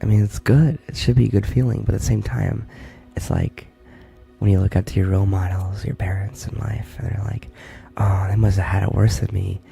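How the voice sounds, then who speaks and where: A young man talking in soft, halting whispers in a whispered role-play stream, from his barracks room. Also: on the low side, steady tone, gravelly, faint music behind.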